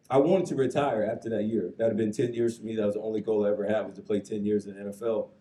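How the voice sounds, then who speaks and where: A man's voice: lowish voice, fast, hardly any pauses, distant mic. Earnest man giving a speech in an echoey hall. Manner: earnest, reflective, quotes others with lively voices. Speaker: honoree giving an induction speech. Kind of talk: emotional acceptance speech. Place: large banquet hall. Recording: echoey hall, speaker away from the mic.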